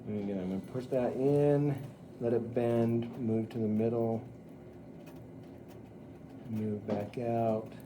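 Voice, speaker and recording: A man's voice: medium pitch, fairly even intonation, slow pace, long pauses, mellow, a little hiss or hum. Chatty man teaching pottery. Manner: chatty, talks students through each step. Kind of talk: live wheel-throwing demonstration.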